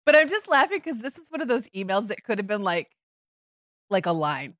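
A woman co-hosting a podcast in casual chat, telling stories in an animated way and laughing often. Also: medium pitch, fairly quick, dry recording, clean studio sound. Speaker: podcast co-host.

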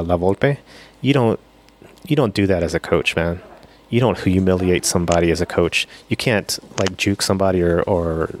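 A man co-hosting a casual podcast chat, giving blunt, animated opinions with casual slang. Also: deep voice. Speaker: podcast co-host.

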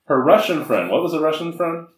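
A man's voice: a little high, fairly quick. A man tells a movie's plot to his co-host with lots of laughter and bits of put-on dialogue. His voice rises and falls a great deal. He sounds a little distant from the mic, in an echoey room. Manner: animated, laughing, acts out characters' lines. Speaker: podcast co-host. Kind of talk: casual movie recap chat.

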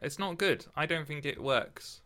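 A man's voice: on the high side, expressive, normal speed, sharp tone. A man in a casual literary discussion, thinking aloud with frequent restarts and hesitations. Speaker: podcast co-host discussing poetry.

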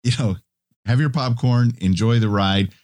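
A man co-hosting a podcast in casual chat, with a relaxed, wry way of talking. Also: medium pitch, normal speed, no echo. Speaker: podcast co-host.

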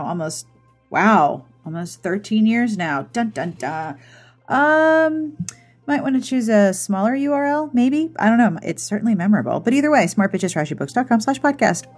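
A woman hosting a podcast, talking casually and playfully as she wraps up the episode. Her voice is a little breathy, and soft music plays quietly behind her. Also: mid-range voice, sing-song, fairly quick. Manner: chatty and playful, giggles at her own jokes. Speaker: podcast host.

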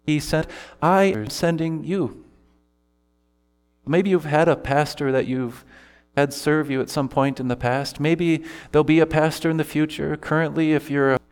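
A man's voice: a little high, in a large hall. A man preaching an earnest sermon as pastor, voicing scripture quotes with feeling. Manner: earnest preaching, quoting scripture in character voices.

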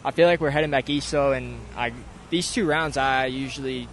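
A man with a mid-range voice talks frankly about his race, quick to criticize himself. He is recorded outdoors at a race track, with clear noise running under his voice. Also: mid-range voice, a bit bright. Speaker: motocross racer. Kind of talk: post-race interview.

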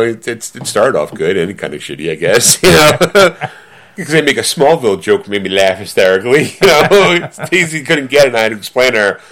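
Rambling man, lively delivery. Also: fairly low pitch. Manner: rambling, lots of fillers and laughs. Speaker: podcast co-host. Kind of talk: casual chat.

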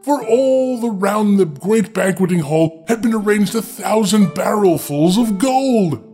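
A man's voice: sits high, lively intonation, measured pace, mellow, faint music behind. A man reading a fairy tale aloud for comedy, breaking off for sardonic asides to his listeners. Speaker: storyteller.

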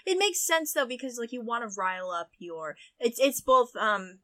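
Woman, podcast co-host, casual banter, argumentative, laughs a lot, bright voice. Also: fairly high pitch, very animated. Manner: quick to question and push back, laughs often. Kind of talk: casual chat.

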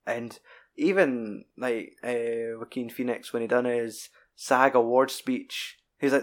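A man's voice: medium pitch, fairly even intonation. A man in casual podcast chat, rambling and sweary. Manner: sweary, rambling, quick bursts.

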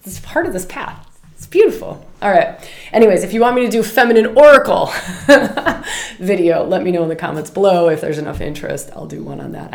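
A middle-aged woman hosting a podcast, teaching meditation in a chatty, animated way and laughing often. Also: lowish voice, creaky. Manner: animated, chatty, laughs often, scolds her puppy mid-talk. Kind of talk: casual spoken teaching. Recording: echoey room.

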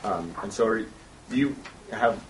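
A man's voice: fairly low pitch, a little slow, slight background noise, rough recording. A man asking a workshop speaker a question, hesitating and searching for his words. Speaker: audience questioner.

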